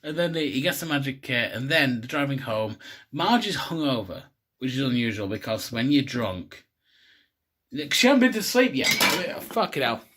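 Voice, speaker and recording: Rambling, swearing man with a lively voice. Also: medium pitch, moderate pace. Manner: rambling, profane, laughing. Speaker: host. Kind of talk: rambling comic vlog retelling.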